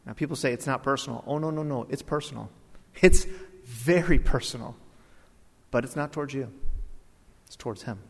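A man preaching a sermon as pastor, animated and swinging between loud bursts and hushed asides. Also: medium pitch. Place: church auditorium. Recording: long reverb of a church hall.

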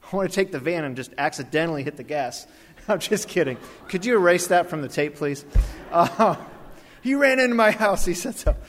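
A man preaching a sermon as pastor, animated and swinging between loud bursts and hushed asides. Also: on the high side, normal speed, a little hiss or hum. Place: church auditorium. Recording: long reverb of a church hall.

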